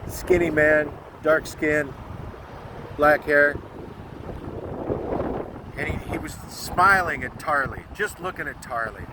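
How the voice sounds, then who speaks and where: A man's voice: a little high, takes it slowly, pauses often, background noise. An American man telling a moving story in a vlog, earnest and close to tears, swearing bluntly. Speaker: truck driver vlogger.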